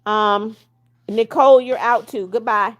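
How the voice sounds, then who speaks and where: A woman's voice: on the high side, fairly even intonation, a little slow. A woman hosting a livestream, reading viewer comments aloud and answering them in a firm, blunt way. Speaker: livestream host.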